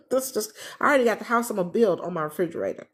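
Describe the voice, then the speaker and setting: Retired woman as a chatty livestream host, talking straight to her viewers, mid-pitched voice. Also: expressive, fast talker. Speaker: travel agent business coach, livestream host. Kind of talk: casual livestream chat reading viewer comments. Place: living room, on a recliner.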